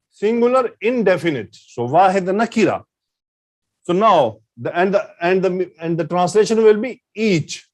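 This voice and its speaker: A man giving a grammar lecture, explaining step by step and repeating key terms patiently. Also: high-pitched. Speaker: Arabic grammar teacher.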